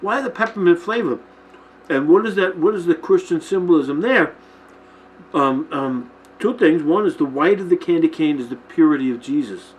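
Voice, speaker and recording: A man's voice: on the high side, lively intonation, normal speed, slight background noise, poor audio. A man hosting a Christian teaching show, talking informally to his camera and checking in with listeners often. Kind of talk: informal Bible-themed talk to camera. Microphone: camera mic, filming himself.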